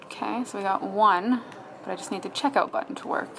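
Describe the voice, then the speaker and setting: A woman's voice: medium pitch, fairly quick, vocal fry, a bit bright, slight background noise, low-quality recording. A woman vlogging casually, talking to herself and her viewers, exasperated and swearing as she tries to register online. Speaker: fitness vlogger. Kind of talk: casual vlog commentary.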